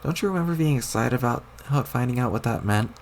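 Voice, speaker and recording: A man's voice: mid-range voice, animated, fast talker, slight background noise, lightly acted. A man reading a webcomic aloud, putting on the voice of a bossy, exasperated young girl who scolds and swears. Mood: indignant.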